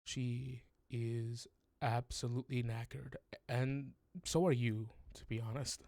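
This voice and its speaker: A man's voice: medium pitch, steady tone, slow, creaky, darkish tone, dry recording, studio quality. A man narrating a tabletop game as game master, hesitant and full of fillers.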